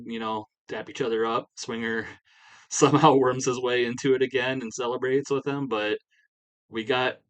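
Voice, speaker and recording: A man's voice: mid-range voice, fairly bright tone, poor audio. A young adult man casually recapping a wrestling management sim in a rambling way, full of "you know" fillers. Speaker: let's play creator.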